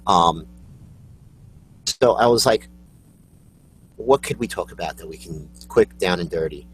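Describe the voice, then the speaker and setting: A man's voice: low-pitched, unhurried, slightly rough, faint music behind, low-quality recording. An American man hosting a podcast in casual chat, joking and rambling as he tells a story. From United States. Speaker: podcast host.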